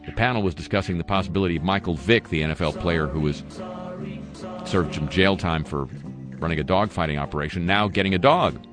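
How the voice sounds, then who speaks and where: A man's voice: sits low, fairly quick. A male radio host reading the week's news and adding dry, sardonic asides. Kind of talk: satirical news commentary. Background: music under the voice.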